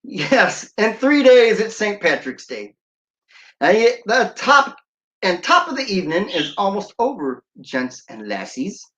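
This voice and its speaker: A man's voice: sits high, big pitch swings, measured pace, fairly bright tone. A man, a radio DJ, hosting a casual livestream, talking in a jokey, playful way. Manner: jokey, playful, breaks into sung snippets and laughs.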